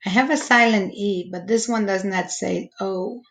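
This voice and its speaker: A woman teacher slowly walking young students through a phonics lesson, stretching out each word's sounds. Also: medium pitch, fairly bright tone, low-quality recording. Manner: slow, patient, stretching out each word sound.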